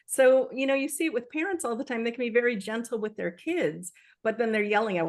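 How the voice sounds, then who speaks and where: A woman's voice: fairly high pitch, fast talker. A woman author, a guest in an interview, speaking earnestly and acting out quoted self-talk. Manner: earnest, animated with acted-out quotes. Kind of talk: conversational interview.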